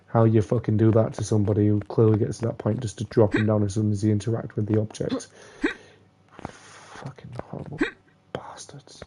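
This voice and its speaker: A young man swearing and ranting angrily while commenting on his own gameplay, muttering curses under his breath between louder complaints. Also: fairly low pitch, background noise. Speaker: gamer playing a platform game.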